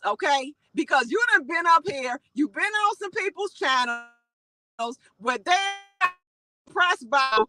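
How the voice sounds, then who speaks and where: A woman from Chicago with a Chicago accent, the host of a commentary channel, talking to her viewers with emphatic, heated delivery that climbs to shouting when she is indignant. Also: high-pitched, low-quality recording.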